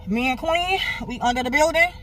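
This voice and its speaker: A woman's voice: high voice, a little fast, slight background noise. Candid woman telling a personal story. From Miami, Florida. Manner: animated, candid, swears freely, keeps addressing viewers. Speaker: vlogger.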